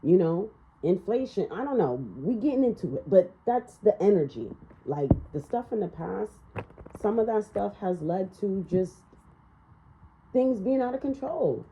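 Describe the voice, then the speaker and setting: This tarot reader talks unhurriedly, with a bit of hiss or hum on the slightly dull, lo-fi audio. She's blunt and profane in her casual reading, laughing and ranting, her animated voice swinging in pitch.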